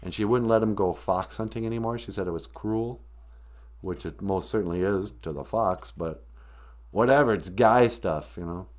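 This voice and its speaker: A man's voice: fairly low pitch, normal speed. A man hosting a live-stream podcast, rambling through a sarcastic, mock-grumpy comedic rant. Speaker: podcast host.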